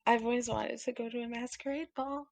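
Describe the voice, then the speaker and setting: A woman's voice: fairly high pitch, fairly even intonation, a little fast, gravelly, dry recording. A woman co-hosting a podcast, chatting casually about books in a rambling, giggly way with lots of fillers. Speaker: podcast co-host.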